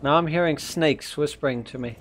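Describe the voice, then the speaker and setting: A man giving casual gameplay commentary in an excitable, jokey way. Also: a little high, a little fast, a little hiss or hum. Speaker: gamer.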